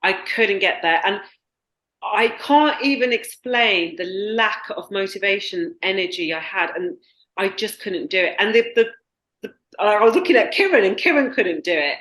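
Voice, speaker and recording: A woman guest recounting a hard experience in an earnest, halting way, restarting her sentences. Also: medium pitch, expressive, fairly bright tone. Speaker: podcast guest. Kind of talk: reflective conversational storytelling. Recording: echoey room.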